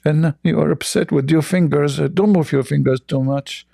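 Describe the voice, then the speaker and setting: A man delivers sarcastic reaction commentary in a mocking, scornful tone, rambling along with broken grammar. His voice sits a little high for a man. The tone is dark and mellow. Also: normal speed, gravelly.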